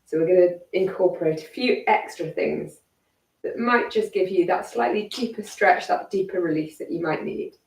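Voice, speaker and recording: A croaky woman instructor talks a class through gentle neck and shoulder stretches, calm and encouraging. Her voice has a gravelly edge, and she sounds a little far from the mic in an echoey room. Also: lowish voice, normal speed. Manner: calm, encouraging step-by-step cueing. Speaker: fitness instructor.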